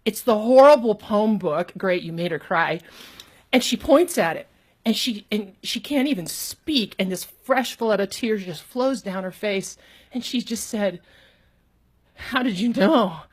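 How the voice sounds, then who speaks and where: A middle-aged woman, an author and speaker, telling a personal story with lively, expressive delivery and sudden pitch jumps when she acts out quotes. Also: a little slow, slightly rough. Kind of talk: animated storytelling.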